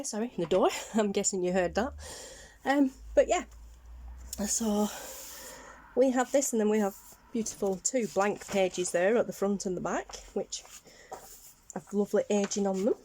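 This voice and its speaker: A Northern English woman talks through a casual craft show-and-tell. Her voice sits at an ordinary middle pitch. She rambles a little, fills gaps with ums and corrects herself as she goes. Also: a little slow, long pauses, mellow, a little hiss or hum. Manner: chatty, rambling, many ums and self-corrections. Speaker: craft vlogger.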